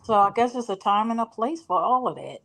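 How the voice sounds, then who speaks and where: A woman's voice: on the high side, expressive, brisk, gravelly, poor audio. Chatty middle-aged woman calling in. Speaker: caller. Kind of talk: casual chat.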